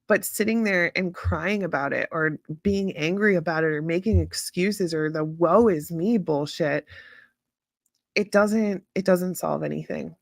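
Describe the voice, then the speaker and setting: A woman's voice: lowish voice, a bit bright, dry recording, studio quality. Blunt, swearing woman livestream host. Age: adult parent. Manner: blunt, frank, swears freely, tough-love advice. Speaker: host of a live chat stream. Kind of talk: casual chat with live viewers.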